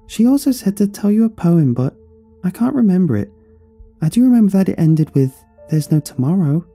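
A man's voice: high voice, very animated, brisk, warm tone, faint music behind, pitched above the performer's own voice, exaggerated voice. A man doing a whiny, bratty little girl.

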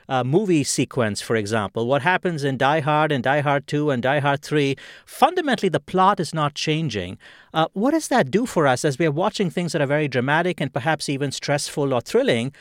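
Expressive male podcast host. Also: fairly high pitch, no room sound, studio quality. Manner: thoughtful, conversational questioning. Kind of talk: interview.

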